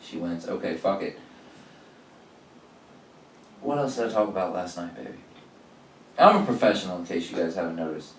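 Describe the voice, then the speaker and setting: A man's voice: deep voice, normal speed, pauses often, a little hiss or hum. Profane man telling stories from a distance. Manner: profane, animated storytelling with acted-out quotes. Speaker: stand-up comedian. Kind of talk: stand-up storytelling. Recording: roomy sound from a distance.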